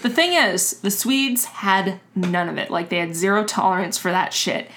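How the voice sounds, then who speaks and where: A woman's voice: medium pitch, normal speed, a bit bright, a little hiss or hum. A woman co-hosting a casual podcast, telling a story with acted-out quotes and casual swearing. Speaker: podcast co-host.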